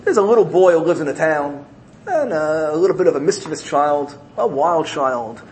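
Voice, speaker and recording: A man gives a sermon by telling parables with animated energy, repeating key phrases to drive the point home. His speaking voice sits a little higher than most men's. A faint hiss of noise runs under the recording. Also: normal speed, low-quality recording. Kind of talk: sermon built on told parables.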